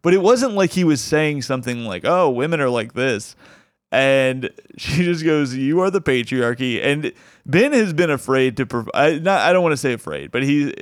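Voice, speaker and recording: A man's voice: medium pitch, normal speed, dry recording, studio quality. A young man, a comedian, casually telling a funny anecdote, laughing often as he talks. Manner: animated, laughs often while telling the story.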